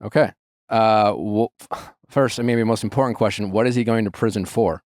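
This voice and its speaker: A man hosting an advice podcast, asking a caller calm, probing questions. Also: lowish voice, normal speed, dry recording, clean studio sound. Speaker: podcast host. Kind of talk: advice call-in chat.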